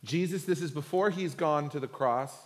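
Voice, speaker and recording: A man preaching a sermon in a lively, humorous, conversational way. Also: a little high, normal speed, long reverb tail. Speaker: pastor.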